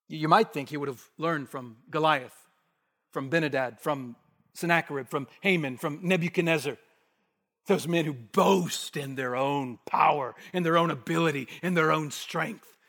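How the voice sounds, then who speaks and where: A man preaching an expository sermon, emphatic, rising to forceful bursts and dropping to hushed asides. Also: on the high side, moderate pace. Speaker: pastor. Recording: long hall reverb.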